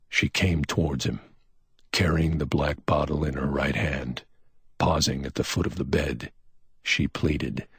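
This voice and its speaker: Deep, husky male audiobook narrator. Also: fairly even intonation, dry recording, clean studio sound. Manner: measured, dramatic storytelling. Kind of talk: scripted narration.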